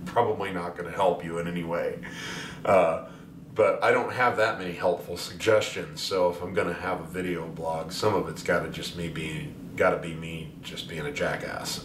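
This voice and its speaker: Faint piano music plays as a music teacher who also sings and plays piano chats loosely with his vlog viewers. He's self-deprecating and keeps restarting his sentences, in a fairly low voice with a fairly bright tone. The mic is distant in a roomy space, with slight background noise.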